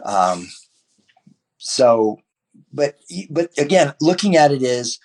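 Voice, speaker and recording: A man with a husky, slightly rough voice speaks as a guest on a podcast. He rambles casually, restarting sentences and leaning on fillers. His pitch sits in an ordinary middle range for a man. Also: big pitch swings, slow pace, darkish tone. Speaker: martial arts teacher.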